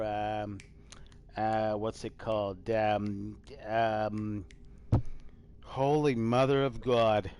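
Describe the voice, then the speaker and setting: A man hosting a live stream, rambling casually through old news and swinging between loud exclamations and low mumbling, with casual swearing. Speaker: host.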